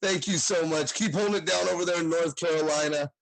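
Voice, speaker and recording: A man's voice: fairly high pitch, fairly even intonation, fast talker, gravelly, no room sound, rough recording. A man hosting an online comedy show over a video call, bantering with comics in a loose, profane, joking way. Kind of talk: casual comedy banter and introductions.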